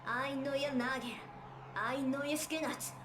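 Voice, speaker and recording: A woman's voice: sits high, steady tone, racing, noisy background, close to an everyday voice. A woman voicing a proud, fiery young female mage in a visual novel, speaking in a haughty, snappish way. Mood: furious. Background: game music.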